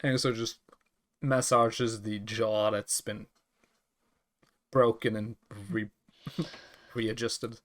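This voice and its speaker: A man's voice: fairly low pitch, level tone, extremely slow, long pauses. Sex: man. Role: player. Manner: hesitant, thinks aloud. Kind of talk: tabletop role-play.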